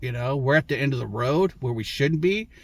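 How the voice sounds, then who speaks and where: A man's voice: mid-range voice, animated, brisk. A man telling his own story to his viewers, talking casually and frankly, with lots of swearing, restarts and short laughs. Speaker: vlogger.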